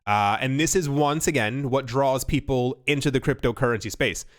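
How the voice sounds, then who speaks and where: A man's voice: medium pitch, moderate pace. A man hosting a casual crypto news commentary, rambling and restarting his sentences often. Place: home recording setup. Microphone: studio mic.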